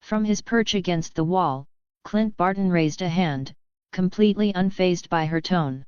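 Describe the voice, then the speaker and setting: A woman narrating a web novel audiobook in a steady, even storytelling manner, recorded dry and slightly dull. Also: lowish voice, unhurried, clear, resonant tone, no echo. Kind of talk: scripted narration.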